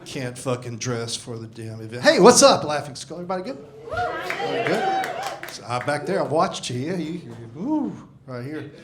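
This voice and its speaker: A man in his sixties performs a cranky, profane comedy set live at a club, using a handheld microphone. He has a medium-pitched, sing-song voice and talks fairly quickly over a noisy background filled with audience laughter.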